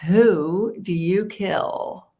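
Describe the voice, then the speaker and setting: Woman, show host, upbeat, playful, somewhat low voice. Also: extremely slow, mellow. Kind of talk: casual interview chat.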